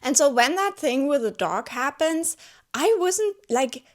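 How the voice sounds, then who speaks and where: At home with her cat, a woman who vlogs about books talks through a novel in an unhurried, high-sitting voice. She's a non-native English speaker whose review is loose and emotional, packed with fillers like "like," self-corrections, and frequent exclamations.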